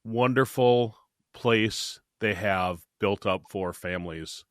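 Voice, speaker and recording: An older man co-hosting a podcast, talking in a casual, halting way and stumbling over repeated words as he gets emotional. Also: fairly low pitch, dry recording, clean studio sound. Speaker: podcast co-host.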